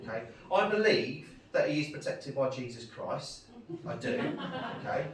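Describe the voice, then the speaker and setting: A man's voice: fairly high pitch, very animated, moderate pace. A middle-aged man performing a chatty stand-up set in a pub, bantering with the crowd. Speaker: stand-up comedian. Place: pub gig room. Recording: echoey pub room, distant mic.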